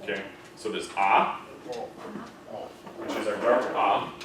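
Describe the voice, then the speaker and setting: A man with a slightly low voice leads a diction class for singers, explaining pronunciation in an easygoing, conversational way. He demonstrates vowel sounds aloud and keeps checking that the students follow. The recording is distant and very echoey, with a faint hiss. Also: steady tone, slow pace. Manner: conversational, checks understanding with frequent "okay?" and "right?". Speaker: diction teacher. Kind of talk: classroom lecture on British received pronunciation for singers. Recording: echoey room, mic far off, faint noise.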